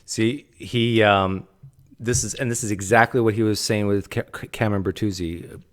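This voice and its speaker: Man, low-pitched voice going hoarse, casual commentator, frequent throat-clearing, wry. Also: steady tone, normal speed. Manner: clears throat often, sarcastic asides. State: voice straining. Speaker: channel host critiquing a recorded conversation.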